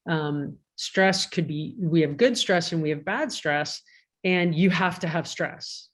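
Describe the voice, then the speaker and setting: A woman sports psychologist giving a casual talk over a video call, lively, with many restarts and "right?" tags. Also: fairly low pitch, slow pace. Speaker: guest speaker, sports psychologist.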